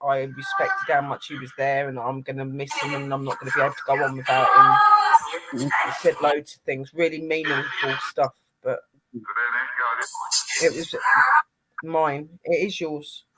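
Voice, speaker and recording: A woman's voice: a bass voice, level tone, moderate pace, heavy background noise. A woman hosting a live paranormal panel chat, speaking tenderly to her late grandad through a spirit box.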